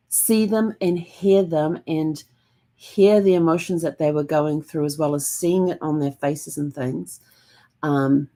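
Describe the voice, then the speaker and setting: Low-voiced woman, gentle rambling vlog. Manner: gentle and calm, rambling with many fillers. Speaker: host. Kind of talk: casual reflective vlog.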